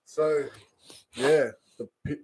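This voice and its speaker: Laid-back host, teasing banter. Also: male voice, on the high side, fairly even intonation, takes it slowly, darkish tone, slightly rough, no room sound. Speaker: podcast host. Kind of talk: casual podcast interview.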